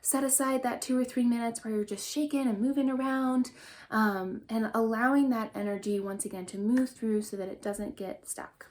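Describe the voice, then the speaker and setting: A young adult mother leads a parenting workshop on managing anger, speaking earnestly and encouragingly as she guides listeners through exercises while doing them herself. Her voice is rather high, darkish, and fairly even in intonation, at a normal pace.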